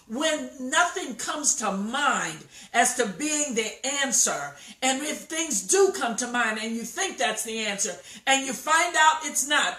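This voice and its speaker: A woman preaching a sermon, telling a story slowly and emphatically and acting out the quotes. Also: a little high, fairly bright tone. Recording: echoey room, voice from far off mic.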